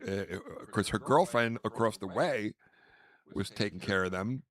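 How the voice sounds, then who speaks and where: A man's voice: fairly low pitch, moderate pace, fairly bright tone. A man hosting a podcast, telling rambling stories in casual chat. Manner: rambling storyteller, name-dropping, acts out quotes. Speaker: podcast host.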